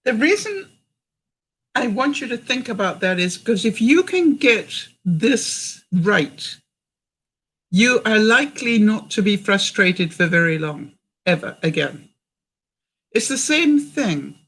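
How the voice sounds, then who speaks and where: A woman's voice: mid-range voice, very animated, slow, a bit bright, slightly rough. An older woman from Canada chatting in a livestream, reading viewer comments and coaching her audience with questions. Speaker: vlogger.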